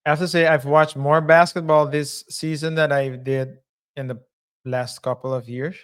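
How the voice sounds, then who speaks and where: Podcast cohost guy, clean smooth voice a bit high, rambles with lots of ums. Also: steady tone, normal speed, fairly bright tone. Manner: rambling, many fillers, hedging. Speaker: podcast co-host. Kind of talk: casual chat.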